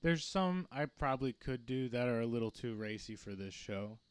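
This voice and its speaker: A man's voice: medium pitch, animated, normal speed, clear, resonant tone, no room sound. A man co-hosting a comedy podcast, upbeat and slangy, joking around in casual chat. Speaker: podcast co-host.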